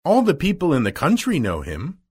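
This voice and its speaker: A curious, polite little girl from a storybook, put on by a male reader. The voice sits well above his own and carries a husky edge. Every line comes slow and careful, with big swoops of pitch. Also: wildly swooping pitch, full character voice. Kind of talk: storybook reading.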